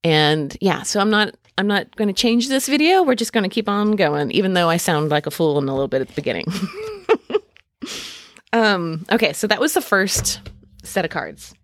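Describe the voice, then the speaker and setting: A woman's voice: mid-range voice, lively intonation, normal speed, no room sound. Woman host, casual self-deprecating chatter, dry close recording. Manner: chatty and self-deprecating, laughs often, lots of ums and likes. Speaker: podcast host doing a tarot reading. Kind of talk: casual spiritual podcast monologue. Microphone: podcast mic.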